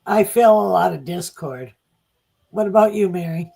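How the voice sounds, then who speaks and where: A man's voice: high-pitched, normal speed, creaky, a little mellow, poor audio. A man giving psychic readings on a casual live podcast, answering in short agreeing replies and stating predictions matter-of-factly. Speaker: psychic reader.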